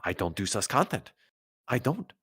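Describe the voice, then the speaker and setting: A man's voice: lowish voice, sing-song, normal speed, fairly bright tone, slightly rough. A young man co-hosting a casual stream, joking and rambling with many restarts. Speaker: streamer co-host.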